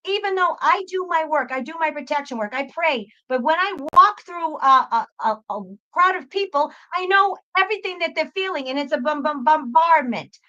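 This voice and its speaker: A woman's voice: sits high, expressive, moderate pace, hardly any pauses, pushed and bright, lo-fi sound. A woman guest who works as a psychic, talking emphatically in a casual conversation, often repeating words and swearing. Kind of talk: casual chat.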